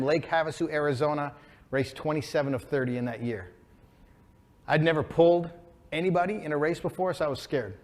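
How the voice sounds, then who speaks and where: A man in his forties telling an emotional, inspiring story on stage as a keynote speaker, building to excited peaks. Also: a little high. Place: stage before a live audience.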